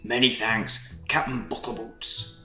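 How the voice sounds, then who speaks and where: A man's voice: medium pitch, fairly even intonation, slow pace, sharp tone, reverberant, soft background music. A man voicing a sheepish, rueful pirate captain in a storybook reading.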